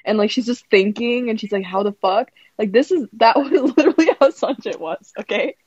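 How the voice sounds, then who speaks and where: A woman's voice: fairly high pitch, lively intonation, a little fast, darkish tone, slightly rough, no room sound. A young woman co-hosting a podcast, telling a story in casual chat, laughing often and filling with "like". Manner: giggly storytelling, lots of "like". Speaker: podcast co-host. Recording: slightly dull lo-fi audio.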